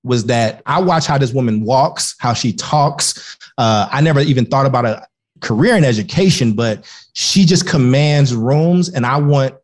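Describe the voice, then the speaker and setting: An earnest man talks as a guest in a relaxed interview. His voice sits at an ordinary middle pitch, and his speech comes in quick, effusive bursts with frequent restarts. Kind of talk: casual interview talk.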